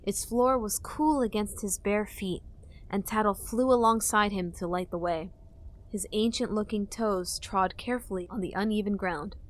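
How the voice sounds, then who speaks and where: A woman reading fan-fiction narration for an audiobook in a steady storytelling manner. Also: medium pitch.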